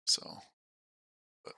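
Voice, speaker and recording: A man's voice: pushed and bright, dry recording. A tired man hosting a live trading stream, talking through his trades in a matter-of-fact, casual way. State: tired from no sleep. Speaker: day trader and stream host.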